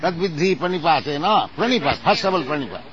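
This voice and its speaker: A man's voice: fairly high pitch, lively intonation, quick pace, highs cut off, crowd noise. A man who is a spiritual teacher, instructing in conversation, emphatic and corrective and often repeating himself.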